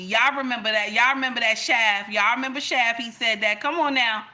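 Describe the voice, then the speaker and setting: A woman's voice: a little high, steady tone, brisk, hardly any pauses, sharp tone. A woman hosting a reaction video, giving casual commentary in an emphatic, preachy way that repeats phrases for effect.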